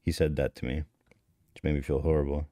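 With a bass voice that's warm yet flat in delivery, a podcast host in his thirties talks fairly quickly. He tells stream chat a story in a rambling, profane, self-mocking way with many restarts, recorded cleanly in a studio with no room sound.

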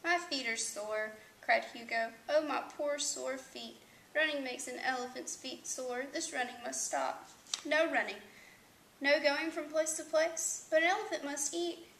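A woman's voice: sits high, steady tone, normal speed, fairly bright tone, reverberant. A woman reading as a silly elephant with sore feet. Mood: complaining.

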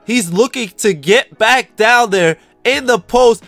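A guy putting on a basketball announcer calling a game play by play, upbeat broadcast tone, kinda high voice, dry sound with faint game music under it. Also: slow, fairly bright tone, no echo, exaggerated voice. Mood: excited.

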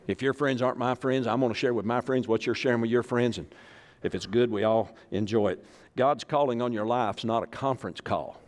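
This Arkansas preacher's voice is medium in pitch and a little mellow. He jokes in a folksy way from the pulpit, getting his congregation to echo his words, and the church hall rings with echo.

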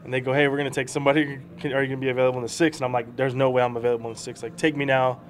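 A man's voice: mid-range voice, level tone, racing, slight background noise. A young man, a baseball prospect, telling rambling stories in a casual interview, laughing as he goes.

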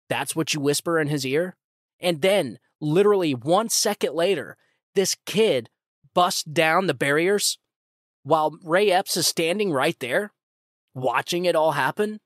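A man's voice: a little high, a little slow, dry recording. A man hosts his own show and delivers fired-up commentary, circling back over the same points with mounting indignation. His voice is close and dry, with no room sound around it. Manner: indignant, repetitive, addresses listeners as folks. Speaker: podcast host. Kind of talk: heated political commentary.

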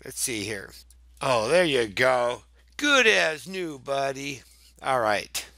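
A man's voice: mid-range voice, sing-song, slow, vocal fry, bright, forceful tone, no echo. A man teaching a math lesson for children in a playful, chatty way, with sing-song exclamations and little jokes.

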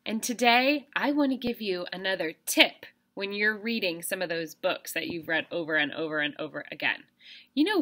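Bright, upbeat woman teaching kindergartners. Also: medium pitch. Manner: animated and enthusiastic, talking to small children. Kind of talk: reading lesson for young children.

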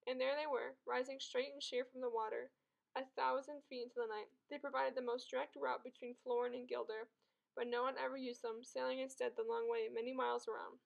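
Creaky-voiced woman reading a novel aloud. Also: sits high, brisk, poor audio. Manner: steady narration with small slips and restarts. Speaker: audiobook reader. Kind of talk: storybook read-aloud.

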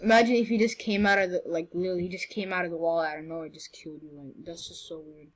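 A woman's voice: on the low side, fairly even intonation, fast, rough recording. A young woman giving casual, teasing commentary while playing a game, often stumbling over her words. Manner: playful, teasing, stammering restarts. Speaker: gameplay commentator.

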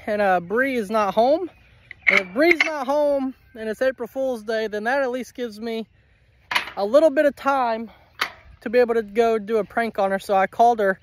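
A man's voice: very high voice, slight background noise. A man, a homesteader chatting casually in a vlog, coaxing and fondly talking to his animals. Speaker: homesteader vlogger. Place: outdoor pasture.

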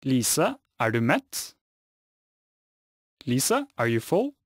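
A man's voice: medium pitch, wildly swooping pitch, takes it slowly, dry recording, studio quality. A man with a Norwegian accent teaching a scripted language lesson, saying each phrase carefully and then translating it. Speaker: language teacher, voices Jan.

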